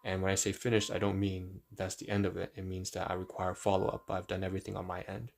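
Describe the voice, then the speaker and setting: A man on a casual live stream who reads a leaflet aloud haltingly, thinks aloud with frequent fillers and stumbles over long words. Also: low-pitched, monotone, vocal fry. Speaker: livestreamer.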